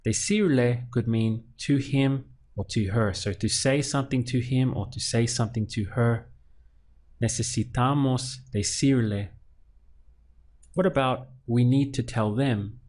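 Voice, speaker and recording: A man teaching a Spanish lesson. He asks the listener a question, pauses, then gives the answer. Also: medium pitch, darkish tone. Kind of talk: slow, patient language lesson with drills.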